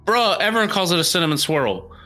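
A man's voice: high-pitched, animated, fast talker, pushed and bright, soft background music. A man co-hosting a podcast, chatting casually in a sweary, ranting way. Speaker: podcast co-host. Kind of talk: casual chat.

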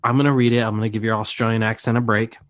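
A man's voice: on the low side, level tone, racing, dry recording, studio quality. An American man hosting a podcast, chatting and reading news with frequent laughter. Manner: giggly, slips into laughter. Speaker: podcast host. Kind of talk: casual chat and reading news.

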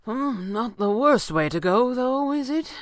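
A woman puts on an unflappable stranger from an adventure tale, drawn out and slow. His dry quips sit somewhat above the reader's own low voice. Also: animated, no room sound. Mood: wry. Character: wry, unflappable male stranger. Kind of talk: audiobook character voice.

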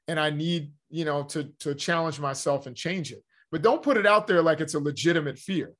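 A man's voice: fairly high pitch, a little fast, hardly any pauses, fairly bright tone. A man in casual conversation, talking in a rambling way with many restarts and "you know" fillers. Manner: rambling, self-correcting, frequent "you know".

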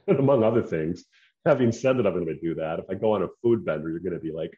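A man's voice: low-pitched, fast, phone-quality sound. A man giving an emphatic, opinionated casual monologue as a podcaster. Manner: emphatic, opinionated, self-assured.

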